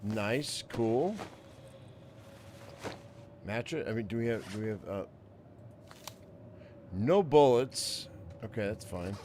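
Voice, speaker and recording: A man's voice: fairly low pitch, animated, takes it slowly, long pauses, darkish tone, a little hiss or hum. A man giving casual commentary while playing a video game, swearing often and repeating himself as he grumbles. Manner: casual, swearing, repeats words, grumbles about being angry. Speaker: gaming streamer. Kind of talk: casual let's play commentary.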